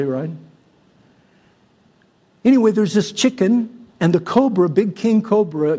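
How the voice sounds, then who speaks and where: A male pastor from Syria preaching a sermon, swinging from loud exhortation to soft, conversational storytelling. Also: on the high side.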